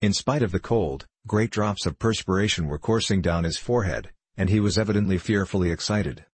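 A man reading a story aloud in a measured, even narration with a husky voice. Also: deep voice, no echo. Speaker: audiobook narrator. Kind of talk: scripted narration.

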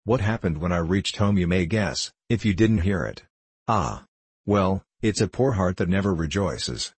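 A man's voice: low voice, expressive, a little slow, husky, no echo, exaggerated voice. Man reading as a hearty old locksmith. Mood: amused. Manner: hearty, teasing storyteller. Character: jovial older male locksmith, good-natured father.

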